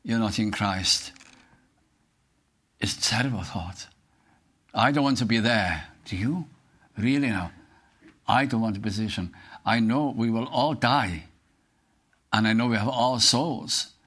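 An older British man preaching an earnest sermon, reciting hymn verses slowly. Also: fairly low pitch, a bit bright.

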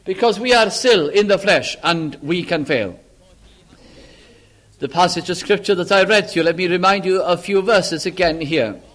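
High-voiced older man preaching. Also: normal speed. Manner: earnest, questioning, drops to a hush on key lines. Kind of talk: sermon.

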